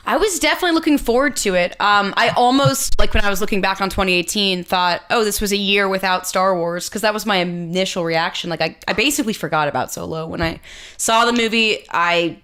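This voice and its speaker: A woman's voice: mid-range voice, a little fast, a bit bright, clear, resonant tone. A young woman co-hosting a film podcast, chatting candidly, laughing easily and swearing freely. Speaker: podcast co-host. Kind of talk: casual chat.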